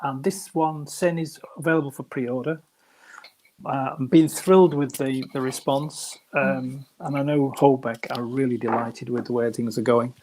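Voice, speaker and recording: A middle-aged man from Yorkshire, a crime author, chatting casually in an interview with a soft, soothing, polished voice that never rises to a shout, rambling and poking fun at himself. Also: mid-range voice, fairly even intonation, normal speed, poor audio. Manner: chatty, wandering, self-mocking.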